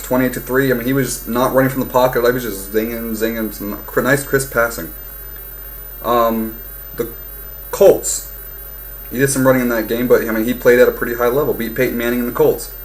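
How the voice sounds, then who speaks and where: A young man ranting casually about football, heated and profane, swinging between loud outbursts and low muttering. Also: fairly even intonation, brisk, slight background noise, low-quality recording. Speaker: fan vlogger. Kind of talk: casual sports rant.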